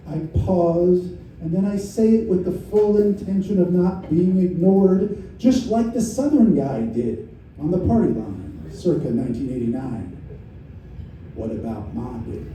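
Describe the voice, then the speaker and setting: New york guy reading poems deadpan, kinda high voice, far off in a super echoey room. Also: a little hiss or hum. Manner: wry, deadpan delivery with repetitions. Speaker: poet reading his work. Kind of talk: spoken-word poetry reading. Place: small variety show venue, live.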